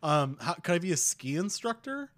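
A man's voice: fairly high pitch, sing-song, moderate pace, very noisy, voice pushed up. A man voicing a pampered, posh young royal man with a British accent who fondly recalls things his mother loved. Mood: wistful.

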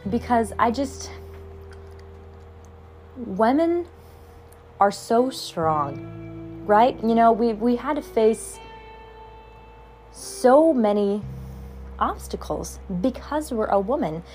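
A woman's voice: on the high side, expressive, slow pace, pauses often, a little mellow, faint music behind. A young woman hosting a podcast, talking in a frustrated, heated casual monologue. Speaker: podcast host.

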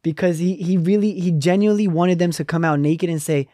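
A young man co-hosting a casual faith podcast, telling Bible stories with lively acted-out quotes. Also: fairly high pitch, fairly quick, no echo, studio quality. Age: young adult. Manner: animated storytelling with acted quotes. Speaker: podcast co-host.

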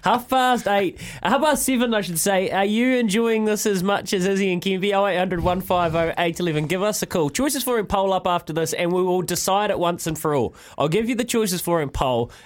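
A man's voice: high-pitched, a little fast, few pauses. A New man co-hosting a sports radio show, teasing and wry. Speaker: radio co-host.

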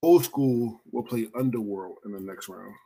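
Husky, animated male podcast host. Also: lowish voice, normal speed. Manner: animated, swearing, laughing often. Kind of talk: casual podcast chat.

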